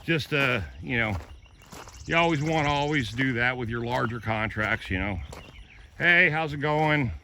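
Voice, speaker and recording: A man's voice: mid-range voice, normal speed, gravelly, pushed and bright, a little hiss or hum. A man vlogging casually, walking through his garden and telling folksy stories. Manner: folksy storyteller. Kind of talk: casual vlog walk-through. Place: rural garden outdoors.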